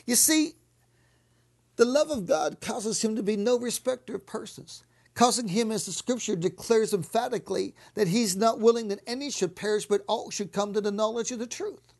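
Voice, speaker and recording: A woman preaching a sermon, fervent, repeating words and dropping to soft whispers on key lines. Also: a little high, normal speed.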